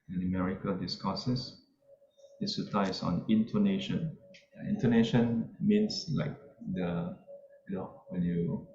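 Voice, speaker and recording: A man teaching an informal dharma talk, slow and halting, softening points with small chuckles. His voice sits a little low. The recording is roomy and muffled, with faint noise behind him. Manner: halting, with many fillers and soft chuckles. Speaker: Buddhist teacher.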